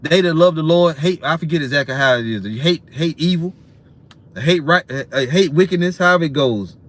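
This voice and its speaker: A man with a high voice delivers a ranting sermon. He is profane and repetitive, ends phrases with "man", and lurches between loud bursts and quieter stretches. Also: fairly quick. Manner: profane, repetitive, swings in loudness and speed. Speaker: preacher.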